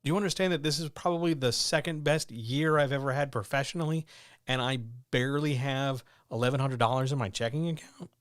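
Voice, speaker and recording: Here a streamer host talks a little fast in a smooth, mid-range voice, swearing freely through an earnest, blunt pep talk into his microphone. He's at home with his cats, and the dry recording sounds studio-grade.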